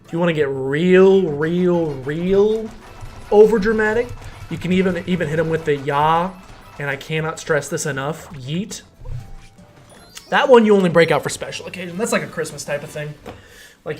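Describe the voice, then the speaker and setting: A young man streaming a game, rambling jokily with mock-serious explanations, faint game music behind. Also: fairly high pitch. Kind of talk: casual gameplay commentary.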